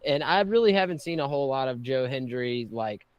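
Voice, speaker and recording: A man's voice: medium pitch, lively intonation, brisk, clear, resonant tone, no room sound, lo-fi sound. A man co-hosting a podcast in casual chat, hesitant, restarting sentences and often saying dude and you know. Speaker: podcast co-host.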